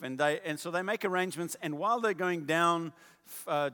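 A male preacher tells a story in a casual, animated way. His fairly high voice carries through a large hall with a long, lingering reverb. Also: moderate pace, smooth. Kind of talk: storytelling sermon.

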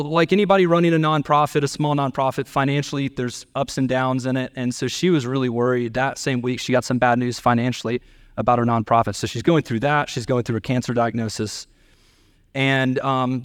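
A middle-aged man preaching a sermon to his church, telling a family story in an earnest way and lifting his pitch to act out the people he quotes. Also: clean tone, dry recording, clean studio sound. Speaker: pastor.

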